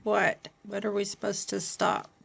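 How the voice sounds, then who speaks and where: A woman from Kentucky reading letters off a board one at a time, patiently asking questions and laughing softly now and then. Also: mid-range voice, level tone, unhurried, creaky, breathy edge.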